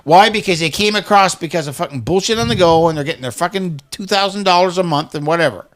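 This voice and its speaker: A man's voice: high voice, fast talker, a bit bright. A middle-aged man in casual chat, ranting heatedly and swearing constantly.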